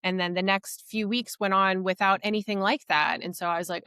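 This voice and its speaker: A woman's voice: medium pitch, steady tone, a little fast, hardly any pauses, bright, forceful tone, clear, resonant tone, no echo, studio quality. A woman guest on a podcast, telling her own story candidly and reflectively, with many fillers. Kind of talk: personal storytelling.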